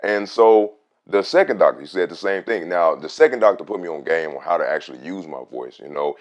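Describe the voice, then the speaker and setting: A man's voice: low voice, expressive, fairly quick. A man casually telling a personal story, chatty and full of fillers. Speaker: vlogger.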